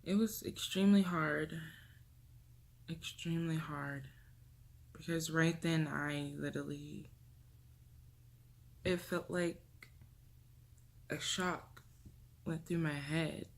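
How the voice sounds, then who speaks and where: A young woman vlogger telling a personal story to camera, emotional and halting, often trailing off softly. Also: deep voice, steady tone, gravelly. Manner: emotional, halting, with restarts and soft drops.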